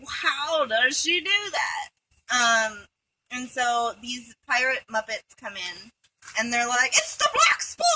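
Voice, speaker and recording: A woman's voice: on the high side, sharp tone, low-quality recording. A young woman retelling a film plot to her friends, rambling and irreverent, with swearing and lots of fillers. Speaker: storyteller among friends. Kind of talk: casual comedic plot retelling.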